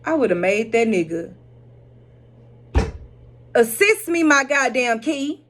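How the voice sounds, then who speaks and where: A woman hosting a casual recap of a TV drama episode, animated and blunt, swearing freely and laughing often as she retells the scenes. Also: fairly high pitch, slow pace.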